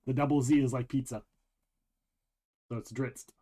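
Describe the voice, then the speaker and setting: A man's voice: mid-range voice, moderate pace. Man rambling through a game walkthrough. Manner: rambling, relaxed, lots of ums and restarts. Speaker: show host. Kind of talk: casual game walkthrough chat.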